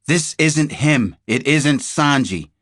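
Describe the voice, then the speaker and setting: A man's voice: on the high side, animated, slow, fairly bright tone, dry recording, studio quality, pitched above the performer's own voice. A male narrator voicing a stern FBI agent in charge, giving orders in a commanding way.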